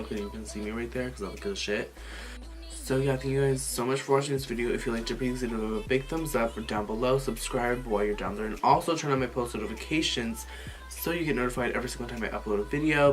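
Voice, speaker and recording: Male makeup vlogger, mid-range voice, chatty and profane, faint music bed. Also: medium pitch. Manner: chatty, swears freely, lots of "like" fillers. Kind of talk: casual makeup tutorial chat.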